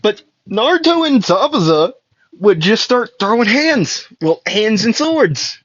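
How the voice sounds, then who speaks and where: A man's voice: high-pitched, very animated, a little slow, a bit bright, no echo, lo-fi sound. A young man improvising an anime fan story, rambling with many fillers and restarts and laughing at his own jokes. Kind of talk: improvised fan story, voicing characters loosely.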